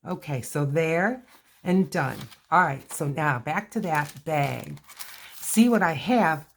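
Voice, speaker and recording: A woman's voice: low voice, animated, takes it slowly, creaky, slight background noise. A woman hosting a casual crafting video, chatting and talking to herself while she works on a journal.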